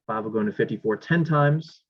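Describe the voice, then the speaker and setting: A man with a lowish, brisk voice teaches a math class, writing problems on the board while he talks. He reasons aloud and corrects himself, and the classroom recording sounds dull and lo-fi.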